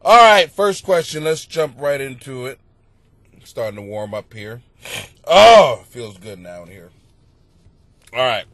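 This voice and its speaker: A middle-aged male comedian telling rambling, profane stories on his podcast, bursting into loud exclamations. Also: a little high, animated, a little slow. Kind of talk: comedic storytelling monologue. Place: basement at home.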